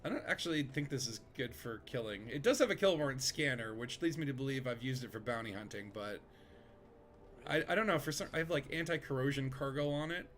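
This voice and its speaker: A man's voice: medium pitch, brisk, a bit bright. A man streaming a space game from his home desk, chatting casually with friends, rambling and joking with lots of fillers. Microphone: desk microphone.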